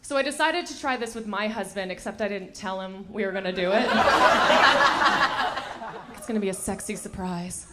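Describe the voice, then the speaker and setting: A woman's voice: mid-range voice, animated, moderate pace, pauses often. A woman in her thirties doing a stand-up comedy set, punchy and laughing at her own jokes, recorded on a handheld mic at a comedy club. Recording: noisy live club recording.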